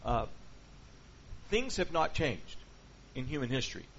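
A man's voice: mid-range voice, very animated, unhurried, a bit bright. A man preaching in a conversational teaching style, checking in with his listeners through rhetorical questions. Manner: peppers points with rhetorical "okay?" and "right?". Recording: dull lo-fi recording with faint background noise.

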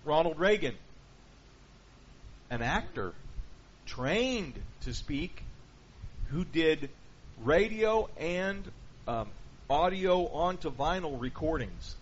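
A man's voice: a little high, very animated, slow, long pauses, slightly rough. Man teaching a sermon, lo-fi sound. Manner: peppers points with rhetorical "okay?" and "right?". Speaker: preacher. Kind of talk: conversational Bible teaching. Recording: dull lo-fi recording with faint background noise.

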